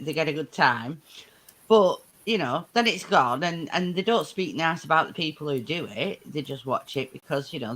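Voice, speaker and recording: A woman's voice: low-pitched, a bit bright. A woman in her fifties with a Lancashire accent, chatting as a livestream guest, laughing often and swearing freely. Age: 50s. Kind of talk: casual chat.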